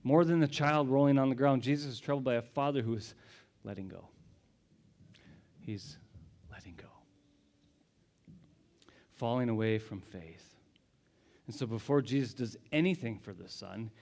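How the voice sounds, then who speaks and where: Preaching with a gravelly, mid-range voice at a brisk clip, this pastor tells the story with drama, falling to whispers and then bursting into loud exclamations.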